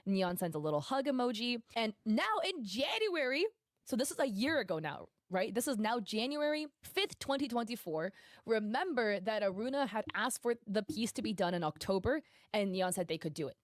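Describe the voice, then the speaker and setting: A woman's voice: a little high, very animated, normal speed, no room sound, studio quality. A woman streamer reading out a thread of posts and messages, breaking in with indignant, emphatic asides. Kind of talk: livestream commentary reading posts aloud.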